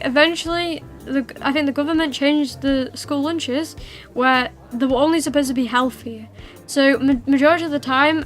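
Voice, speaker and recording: A young woman hosts a livestream, chatting casually with her viewers in a wandering way packed with fillers and restarts. Her voice is high and a bit bright.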